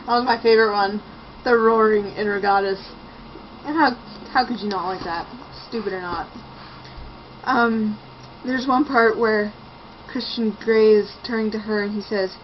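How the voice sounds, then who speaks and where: A young woman with a fairly high voice rants sarcastically in a casual review. The recording sounds dull and lo-fi, with a faint hiss of noise behind her. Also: normal speed. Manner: sarcastic, ranting, laughs at what she reads. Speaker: book reviewer.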